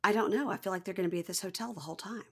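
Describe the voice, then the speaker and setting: A woman's voice: medium pitch, racing, fairly bright tone, husky. A woman in her forties co-hosting a casual chat, recapping a reality show and acting out quotes in exaggerated voices. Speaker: podcast co-host.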